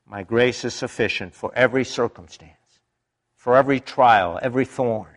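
A man preaching a sermon in an emphatic, deliberate way, his pitch rising and dropping dramatically.

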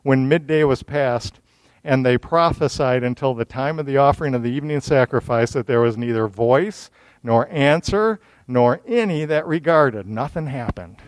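A man's voice: medium pitch, moderate pace, no echo. Man preaching on a scripture passage. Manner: reads scripture then explains it in plain everyday words; mocking, animated asides. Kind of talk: sermon with scripture reading.

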